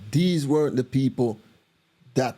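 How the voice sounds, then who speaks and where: Jamaican man giving mellow casual commentary. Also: medium pitch, unhurried, soft background music. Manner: animated, repetitive, patois-heavy talk with restarts. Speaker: reaction video host.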